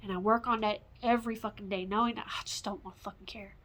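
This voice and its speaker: A woman in her forties ranting in an unscripted, profane monologue, rambling and swinging between loud outbursts and low mutters. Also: steady tone, quick pace, poor audio. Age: 40s.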